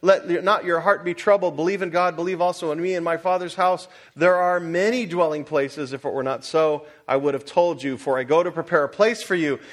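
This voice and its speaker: A middle-aged male pastor preaching a sermon, asking his congregation questions and moving between loud urging and quiet personal stories. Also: a little high, steady tone, brisk, few pauses.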